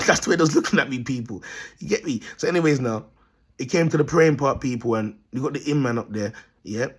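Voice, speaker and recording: This self-styled prophet vlogger talks fast in a slightly rough, medium-pitched voice with a London accent. He spins a rambling, slangy story for viewers he calls "people", going over the same points and breaking into laughter.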